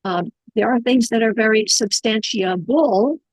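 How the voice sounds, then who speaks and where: Measured, instructive woman, dry sound. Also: a little high, no room sound, rough recording. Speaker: community advocacy adviser. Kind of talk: explanatory discussion. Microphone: video call.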